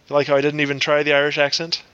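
A man's voice: a little high, fairly bright tone, smooth, no echo, lo-fi sound. A man co-hosting a podcast in casual comedic chat, making dry, wry quips. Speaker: podcast co-host.

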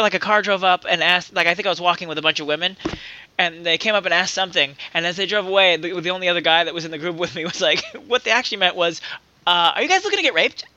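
Bright, high-voiced man making jokes. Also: no room sound, dull audio. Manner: jokey, playful asides. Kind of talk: casual chat.

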